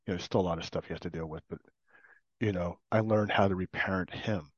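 Middle-aged man, low voice, reflective recovery testimony in halting phrases; dry, slightly muffled sound. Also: steady tone, slightly rough, no echo. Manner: earnest, reflective, speaks in short halting phrases. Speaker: program participant sharing his story. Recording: dull, dry recording.

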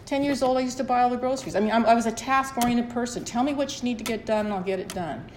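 A fast-talking middle-aged woman with a fairly high, darkish voice shares her story at a recovery meeting, candidly and in a rambling way with restarts. There's a little hiss or hum, room echo and faint ambience.

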